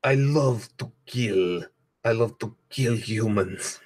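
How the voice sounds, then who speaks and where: A man voicing a gleeful murderous woman fighter in a deliberately clumsy put-on Russian accent, for a tabletop game. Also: lowish voice, a little mellow, husky. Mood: gleeful menace.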